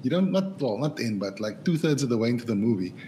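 A man's voice: medium pitch, animated, fast, mellow, a little hiss or hum. A man co-hosting a casual movie podcast, rambling with many fillers as he talks. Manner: rambling, lots of fillers and restarts. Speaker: podcast co-host. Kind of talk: casual movie review chat.

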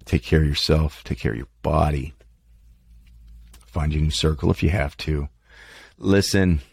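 A man's voice: extremely low pitch, measured pace, creaky, darkish tone, slightly rough, dry recording. A man talking candidly about his life in a rambling, self-deprecating monologue, cursing freely, his mouth dry. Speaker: podcast host.

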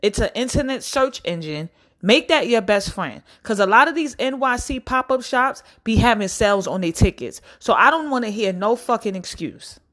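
A young woman ranting bluntly to camera in a casual, profane and animated way. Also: fairly high pitch, moderate pace. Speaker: vlogger.

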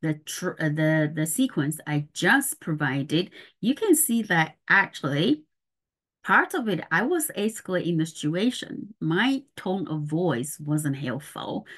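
Parenting coach, middle-aged woman, somewhat low voice, talks listeners through things step by step. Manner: explains step by step, checks in with "right?". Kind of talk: podcast explainer.

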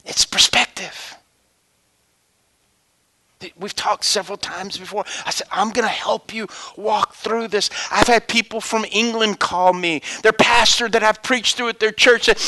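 A man preaching, his voice high and bright, recorded close and dry. He drops to hushed whispers, then climbs to loud, high, emphatic exclamations. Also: normal speed, dry recording. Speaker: pastor. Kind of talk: sermon with told stories.

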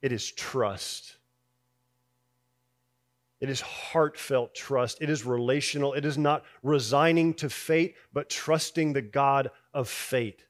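A man giving a sermon as pastor, in a conversational way, dropping soft on key lines and rising when he voices people's doubts. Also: mid-range voice, takes it slowly.

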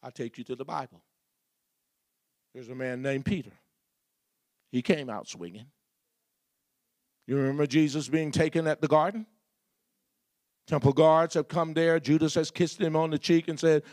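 A man's voice: fairly high pitch, fairly even intonation, normal speed, long pauses, darkish tone, no room sound, studio quality. A man preaching a sermon as pastor, building repeated refrains and asking the congregation questions.

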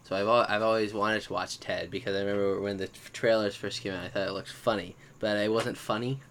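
A man's voice: fairly low pitch, steady tone, fairly quick, a bit bright, slight background noise. A young man co-hosting a casual movie podcast, asking questions and teasing his friend. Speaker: podcast co-host.

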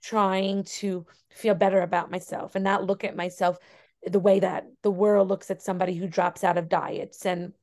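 A woman's voice: medium pitch, level tone, moderate pace, a little mellow. A young adult woman teacher, a podcast guest, telling a personal story earnestly with many fillers. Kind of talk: casual interview conversation.

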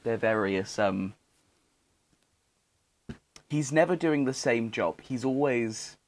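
A man's voice: medium pitch, expressive. Young male podcast co-host, mid-range voice, loose and rambling delivery. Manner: rambling, halting with fillers and restarts. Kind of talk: casual chat.

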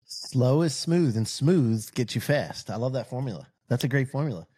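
A man's voice: medium pitch, expressive, moderate pace, warm tone, breathy edge. A man hosting a podcast interview, prompting his guest with enthusiastic questions. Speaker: podcast host.

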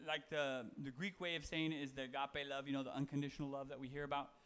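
A man's voice: mid-range voice, flat delivery, fast, a bit bright, clean tone. A man giving a casual, conversational sermon, reading Bible verses and talking them through with fillers and self-corrections. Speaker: preacher.

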